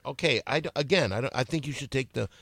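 Gravelly-voiced male host reading prompts. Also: mid-range voice, fairly bright tone, no echo. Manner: reads out prompts in a rapid-fire list. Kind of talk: casual comedic talk show.

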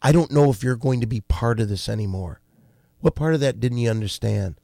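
Angry gravelly podcast host. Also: male voice, mid-range voice, a little fast, warm tone, no room sound, clean studio sound. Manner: angry, blunt, swearing. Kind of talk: heated podcast confrontation.

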